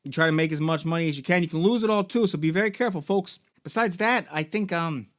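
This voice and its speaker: High-voiced man rambling jokingly. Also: quick pace, a bit bright. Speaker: video game store founder and host. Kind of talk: comedic rambling retelling.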